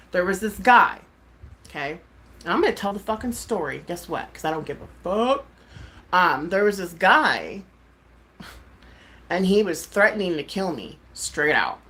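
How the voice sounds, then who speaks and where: Animated woman ranting to camera. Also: mid-range voice. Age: adult mom. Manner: exasperated, swears freely, fillers like "like". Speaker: YouTuber and streamer. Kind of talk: casual ranting vlog.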